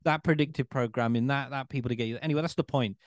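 A man's voice: mid-range voice, fast, no room sound. A man hosting a casual podcast chat, opinionated and sarcastic. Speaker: podcast host.

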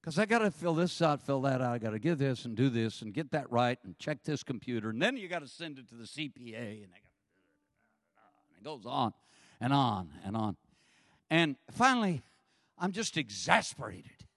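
A man's voice: mid-range voice, very animated, normal speed, fairly bright tone, dry recording, studio quality, in a large hall. A man preaching a sermon, telling a funny story with lots of animation, acting out voices and laughing often. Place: church sanctuary.

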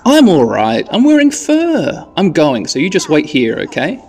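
A man's voice: fairly high pitch, wildly swooping pitch, normal speed, a little mellow, pitched above the performer's own voice. A man voicing a determined teenage boy searching for his younger brother, in a casual read. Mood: earnest.

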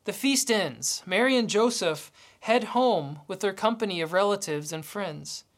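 A woman's voice: mid-range voice, lively intonation, measured pace. Woman preaching a storytelling sermon. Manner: storytelling with acted-out dialogue.

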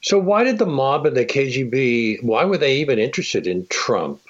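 Measured male radio interviewer, muffled sound. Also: medium pitch, very animated.

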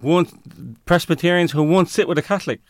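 A man's voice: fairly high pitch, normal speed, no room sound, clean studio sound. A man answering interview questions in a conversational way, often searching for words with fillers and restarts. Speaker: interview guest.

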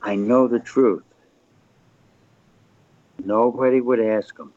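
A man's voice: medium pitch, steady tone, slow pace, a little mellow, no echo. An older man, a record label founder, telling rambling anecdotes as a guest in a casual interview. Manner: rambling anecdotes, gravelly chatty delivery. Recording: slightly muffled dry recording.

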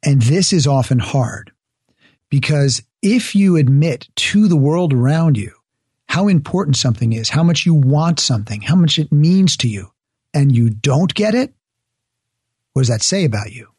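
A man being interviewed, talking earnestly and building each point with an example. His voice sits fairly high for a man. The sound is dry and close, with no room echo. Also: animated, moderate pace, a little mellow, breathy edge. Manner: earnest, explains ideas through examples. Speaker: guest author and speaker. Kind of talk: conversational interview.

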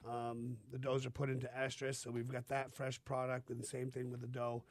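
A man's voice: medium pitch, monotone, brisk, slight background noise. A man guesting on a radio show, talking about his small business in a friendly, rambling way. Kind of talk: casual radio interview. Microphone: studio microphone.

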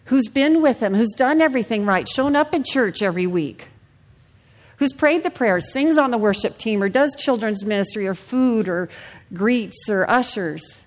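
A woman's voice: fairly high pitch, lively intonation, moderate pace. A middle-aged woman preaching a sermon, telling a personal testimony and putting questions to the congregation.

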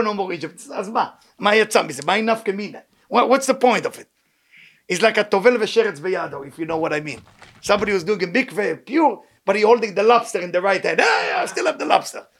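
A man's voice: high-pitched, vocal fry, a bit bright. A man preaching a weekly sermon to a live audience, emphatic and repetitive, with humorous asides. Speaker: preacher giving a weekly talk.

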